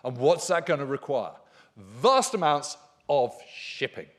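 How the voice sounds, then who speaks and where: A man's voice: mid-range voice, sing-song, measured pace, a bit bright. A man giving a history lecture at a conference, speaking emphatically and enthusiastically with frequent fillers. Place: conference hall.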